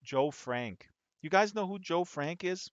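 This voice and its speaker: Guy hosting a chill chat, kinda high voice, rambles a lot, dry dull audio. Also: measured pace, clean tone, no echo. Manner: rambling, animated storytelling with many restarts. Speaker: host. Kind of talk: casual chat.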